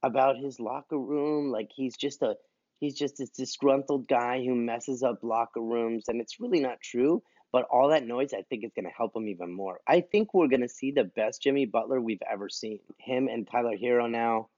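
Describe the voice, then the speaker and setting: A man co-hosting a laid-back podcast, talking in an animated, rambling way and breaking into laughter often. His voice sits at a middle pitch. The recording is dry and a little dull. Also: normal speed, dry recording. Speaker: podcast co-host. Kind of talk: casual chat.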